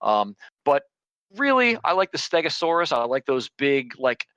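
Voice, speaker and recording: A man's voice: medium pitch, sing-song, normal speed, sharp tone, no room sound, dull audio. Blunt, rambling man from Philadelphia. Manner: blunt, rambling, with frequent restarts. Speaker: guest. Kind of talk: casual podcast chat.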